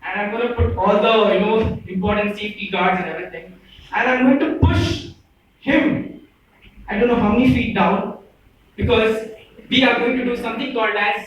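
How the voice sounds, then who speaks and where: A twenty-one-year-old man from Bangalore, speaking with an Indian English accent, gives a jokey, informal speech to his friends, ending his sentences with "right?". His high-pitched, quick voice sounds distant in an echoey room, with slight background noise.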